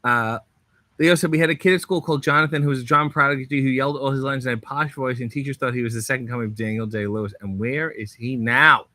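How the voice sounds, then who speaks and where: A man hosting a livestream in a hotel room, reading out viewer comments in casual chat with sardonic, deadpan asides. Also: medium pitch, fast, no room sound. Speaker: livestream host.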